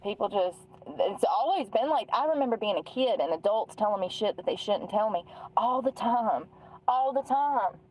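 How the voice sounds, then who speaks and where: A woman's voice: on the high side, a little mellow, rough recording. A woman from North Carolina, rambling through a profane, laughing story about her day. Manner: chatty, laughing, profane, quotes others in dialogue. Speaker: streamer telling stories.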